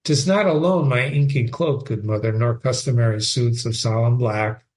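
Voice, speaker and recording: A man voicing a grieving young prince, reading the verse slowly and with feeling. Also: mid-range voice, darkish tone, pitched below the performer's own voice, lightly acted. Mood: sorrowful.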